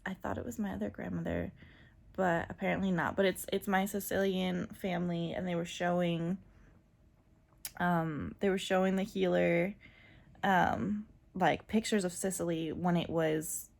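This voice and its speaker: Low, gravelly woman chatting candidly. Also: steady tone, moderate pace, a little mellow. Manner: chatty and candid, many fillers, laughs often. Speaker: vlogger. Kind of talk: casual personal vlog talk.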